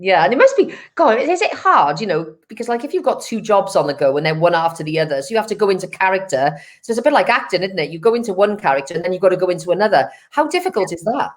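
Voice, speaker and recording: A woman's voice: mid-range voice, sing-song, fast talker, hardly any pauses. A woman interviewer asking eager questions, repeating words as she goes. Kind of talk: casual interview chat.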